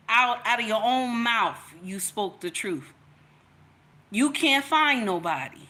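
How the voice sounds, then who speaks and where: A Nigerian woman hosts a casual commentary livestream, speaking directly to her viewers in a chatty, preachy way. Her voice sits a little high, with a bright, forceful tone.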